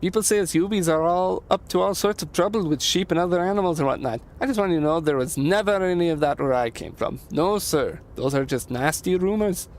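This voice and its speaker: A man's voice: high-pitched, a little fast, hardly any pauses, voice pushed up. A man voicing a cheerful, chatty male dockworker with a put-on Irish accent and an eager, repetitive, folksy manner. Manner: folksy, repeats himself eagerly. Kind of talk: reading game dialogue aloud in voices.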